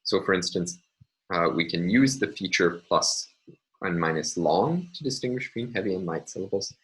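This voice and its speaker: A man's voice: deep voice, expressive, moderate pace, low-quality recording. A man lecturing on linguistics over slides, careful and self-correcting, with frequent ums and uhs.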